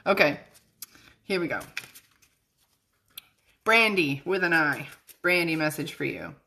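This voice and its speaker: A woman's voice: low-pitched, expressive, slow, creaky, bright, forceful tone, a little hiss or hum. A young woman hosting a casual livestream as a psychic medium, chatty and bubbly, often laughing as she talks to viewers.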